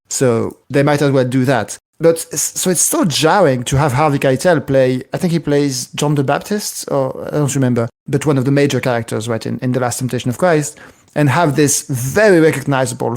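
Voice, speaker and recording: A man's voice: mid-range voice, a little mellow. A man co-hosting a casual film-discussion podcast who keeps checking in with his listeners through tag questions. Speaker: podcast co-host.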